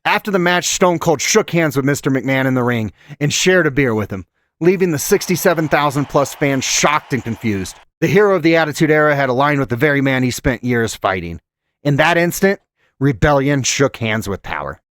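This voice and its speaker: A man's voice: medium pitch, animated, brisk, fairly bright tone, no room sound. A man hosting his channel, giving a scripted countdown narration with a dramatic storytelling delivery. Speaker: channel host.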